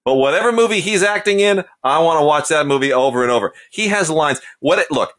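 A man's voice: a little high, lively intonation, fairly quick, a bit bright. A man in his forties co-hosting a casual movie review chat, emphatic and jokey with his opinions. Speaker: co-host.

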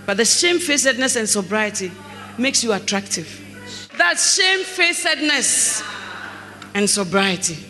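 High-voiced preacher in a ringing hall. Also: male voice, faint music behind. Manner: slow scripture reading, lively storytelling with acted dialogue. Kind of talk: sermon. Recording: echoey hall, faint mains hum.

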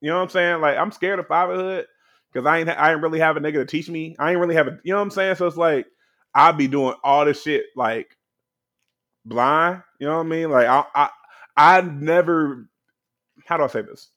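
A young man talking loosely and candidly, sprinkling his speech with fillers and curses. His voice sits a little high for a man. The delivery is relaxed, unscripted podcast chat. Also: a little fast. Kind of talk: casual chat.

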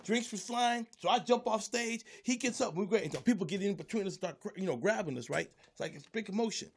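A stand-up comedian, a man with a fairly high voice, tells a story in casual chat. He acts out the people and noises in it with lively energy. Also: brisk, vocal fry, a little hiss or hum.

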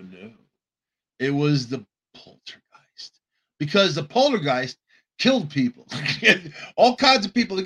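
A man's voice: fairly high pitch, a bit bright. Rambling man. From Long Island, New York. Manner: loose, joking, self-interrupting with repeated restarts. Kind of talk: casual rambling monologue.

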